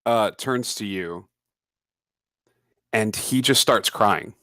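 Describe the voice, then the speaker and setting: Slow-paced man narrating a tabletop game. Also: fairly low pitch, bright, forceful tone, no room sound. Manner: slow, halting narration with fillers.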